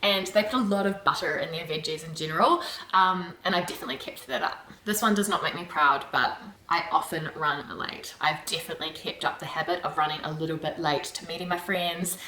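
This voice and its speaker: A woman from New Zealand with a New Zealand accent, chatting casually to camera in a vlog, animated and laughing often. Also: on the low side, a little fast, roomy sound, slight background noise. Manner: chatty and animated, laughs often, acts out her own reactions. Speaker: vlogger.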